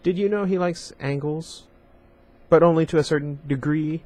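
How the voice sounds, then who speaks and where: A man's voice: a little high, normal speed, darkish tone, natural voice. A man reading the lines of a chatty teenage girl classmate in a storybook reading, in his own plain voice with light emphasis on the jokes.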